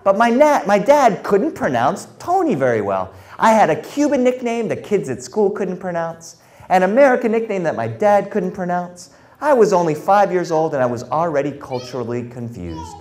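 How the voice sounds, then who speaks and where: A middle-aged man telling a story in a live performance in a library, animated and playful, slipping in Spanish phrases. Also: high-pitched, normal speed.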